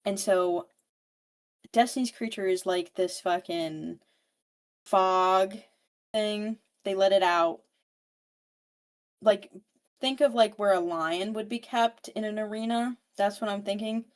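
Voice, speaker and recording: Animated, foul-mouthed young woman recapping a book. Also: mid-range voice, slow, long pauses. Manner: profane, animated storytelling. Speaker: book podcast co-host.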